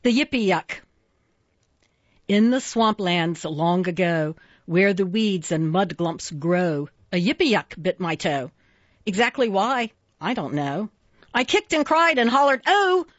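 A woman reading children's poems aloud in a playful, expressive sing-song way. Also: lowish voice, a little slow, no room sound, muffled recording. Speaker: reader.

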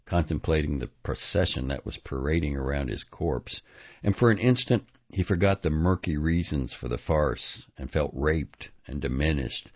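A man with a very low, deep voice reads literary prose in a slow, grave, measured way. The recording is dry and a little dull, with no room sound. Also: a little mellow, no room sound. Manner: measured, grave reading with small restarts on long words. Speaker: reader. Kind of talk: literary audiobook reading.

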